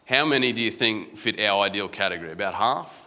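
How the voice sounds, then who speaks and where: A man's voice: fairly low pitch, animated, a little fast, sharp tone. Australian man speaking in an echoey hall. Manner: conversational, anecdotal, repeats words when restarting. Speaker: conference guest speaker. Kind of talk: storytelling conference talk. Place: large conference hall.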